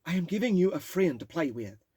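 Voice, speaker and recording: A man reading his memoir aloud and voicing his drunk, self-pitying mother with a raised, shrill pitch. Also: big pitch swings, fairly quick, mellow, breathy edge, no room sound. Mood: coaxing.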